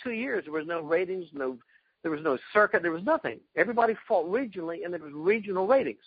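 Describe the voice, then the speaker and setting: A man being interviewed, telling excited stories about past fights and acting out quotes. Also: sits high, quick pace, breathy edge, muffled recording. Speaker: guest, karate fighter. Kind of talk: animated storytelling interview.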